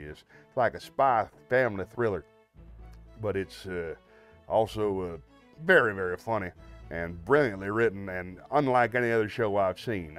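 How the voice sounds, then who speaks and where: A man hosting a livestream, chatting to viewers in a friendly, rambling way with many fillers. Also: sits low. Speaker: livestream host. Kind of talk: casual chat to viewers.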